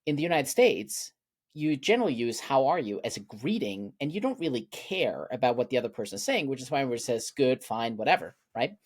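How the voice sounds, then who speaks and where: A man's voice: medium pitch, very animated, brisk. Man from Germany hosting an interview. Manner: reflective, repeats words as he thinks. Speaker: interview host. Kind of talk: interview conversation.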